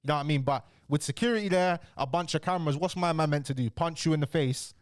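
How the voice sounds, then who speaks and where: A man chatting through a reaction commentary, slangy and loose, stumbling and restarting his sentences. His voice sits a little higher than most men's. It is recorded close and dry, with no room sound. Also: quick pace, dry recording. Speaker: commentary host.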